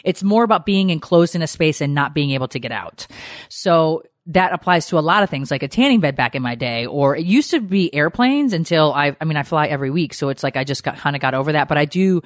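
A middle-aged woman telling a story in casual chat, animated, swearing freely and acting out what people said. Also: deep voice, fast, no echo, studio quality. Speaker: podcast host.

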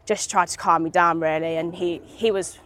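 A woman's voice: lowish voice, fairly even intonation, moderate pace, fairly bright tone. A young woman from Britain, speaking candidly as an interview guest with many fillers and restarts, recorded outdoors in a park.

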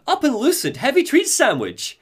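A man voicing a captive alien prisoner who speaks halting, garbled nonsense words. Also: extremely high pitch, wildly swooping pitch, voice pushed up, full character voice. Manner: halting word salad, grave at times.

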